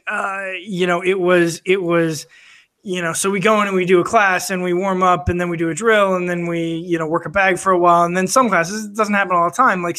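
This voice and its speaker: A man's voice: sits high, bright, forceful tone. A man co-hosting a casual podcast, rambling through a story with lots of fillers and restarts. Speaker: podcast co-host. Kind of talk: casual chat over drinks.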